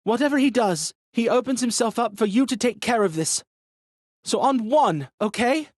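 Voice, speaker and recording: A male narrator playing a determined young woman speaks in a raised, lifted voice, urgent and steady. Her lines sit close and dry, with no room around them. It is an audiobook character voice. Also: a little high, moderate pace, dry recording, voice pushed up. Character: brave, determined young woman under pressure.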